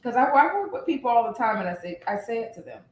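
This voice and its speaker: A therapist co-hosting a casual podcast talks fast in a fairly high voice, animated and thoughtful, sometimes groping for words. The room has an echo.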